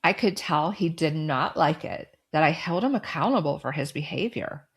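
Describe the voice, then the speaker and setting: A middle-aged woman hosting a podcast, telling a personal story and giving advice in a calm, firm, direct way. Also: deep voice, moderate pace, husky. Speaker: podcast host.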